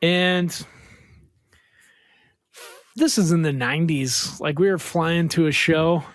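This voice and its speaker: A man's voice: fairly high pitch, takes it slowly, no room sound, clean studio sound. A middle-aged man co-hosting a podcast, telling rambling joking anecdotes in casual chat over a remote call. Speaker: podcast co-host and touring musician. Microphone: remote recording over an online call.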